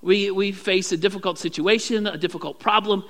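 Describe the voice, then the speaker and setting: A male pastor preaching a sermon, acting out prayers in a raised, animated voice. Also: sits high, brisk, in a large hall.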